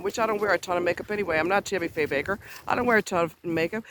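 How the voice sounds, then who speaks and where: High-voiced guy outside by a road, blunt and chatty, goes off on little asides. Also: very fast, few pauses, fairly bright tone, a little hiss or hum. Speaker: advice vlogger. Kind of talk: casual advice monologue. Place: outdoors near a road, minding a dog.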